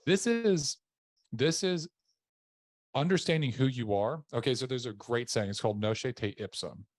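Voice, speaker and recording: A man from Tennessee with a deep voice, talking as a podcast guest in a softened, lowered tone, with frequent restarts. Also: animated, moderate pace, no echo, clean studio sound. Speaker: podcast guest, army veteran. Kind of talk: casual interview chat.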